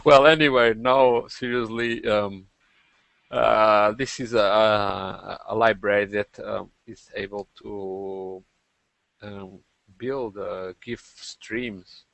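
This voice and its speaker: A man hosting a podcast, chatting casually about tech with lots of pauses and fillers. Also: on the low side, fairly even intonation, creaky, fairly bright tone, no room sound. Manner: hesitant, many fillers and restarts. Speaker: podcast host.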